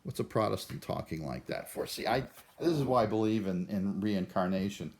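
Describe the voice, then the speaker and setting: Rambling, self-deprecating low-voiced man. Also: expressive, brisk, a little mellow, a little hiss or hum. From Cleveland, USA. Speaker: vlogger. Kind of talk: rambling monologue vlog.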